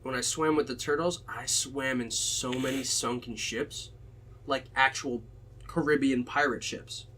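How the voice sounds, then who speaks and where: A young man hosting a casual podcast chat, telling lively stories and swearing freely. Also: medium pitch, measured pace, slight background noise, low-quality recording. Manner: animated storyteller, swears a lot. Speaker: podcast host.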